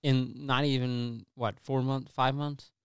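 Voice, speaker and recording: A young man just a few years out of high school, a guest in a casual podcast chat, laughing and swearing freely. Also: little pitch movement, slow, clear, resonant tone, dry recording. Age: young adult. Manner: laid-back, laughing, heavy swearing.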